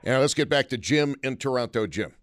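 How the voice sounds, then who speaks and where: A man's voice: mid-range voice, expressive, brisk, dry recording, clean studio sound. A man hosting a call-in radio talk show, blunt and wry as he takes calls and talks about the news. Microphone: studio microphone.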